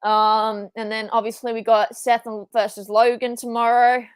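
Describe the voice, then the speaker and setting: A young Australian woman streaming a live wrestling watchalong, excitable, swearing and shouting at big moves. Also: a little high, normal speed, smooth, no echo. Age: young adult.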